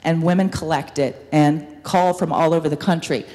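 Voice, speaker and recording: A woman's voice: low-pitched, steady tone, normal speed, mellow. Woman presenting in a reverberant hall. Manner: upbeat, with frequent ums. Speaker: guest speaker, business owner. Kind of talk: presentation to an audience. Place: university hall. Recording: hall reverb from a room mic.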